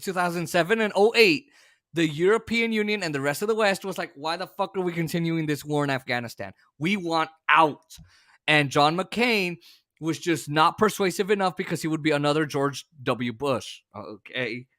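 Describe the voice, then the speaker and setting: A man's voice: a little high, a bit bright, no echo, clean studio sound. A man hosting a talk show, ranting about politics in a heated, profane way with stumbling restarts. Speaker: host. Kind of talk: political rant.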